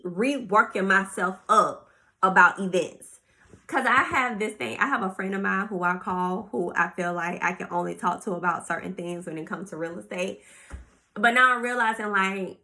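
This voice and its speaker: A woman hosting a casual solo podcast, reading passages aloud and reflecting on them in an expressive, conversational way. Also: medium pitch. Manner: expressive, reads passages aloud then comments, faith-inflected asides. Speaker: podcast host.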